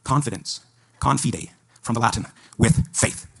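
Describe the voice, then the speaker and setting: A man giving a fervent debate speech to an audience at a live event, preaching in rapid-fire bursts. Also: medium pitch, gravelly, slightly rough.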